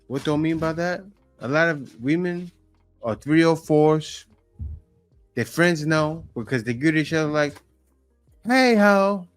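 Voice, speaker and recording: A man's voice: fairly high pitch, dry recording. A man giving conversational opinion commentary, posing rhetorical questions.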